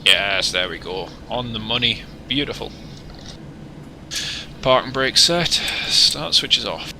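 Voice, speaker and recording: Bright, chatty man streaming a flight sim. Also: medium pitch, expressive, takes it slowly, slight background noise, poor audio. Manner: chatty, jokey, greets viewers by name. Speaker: host streaming a flight simulator. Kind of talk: casual livestream commentary.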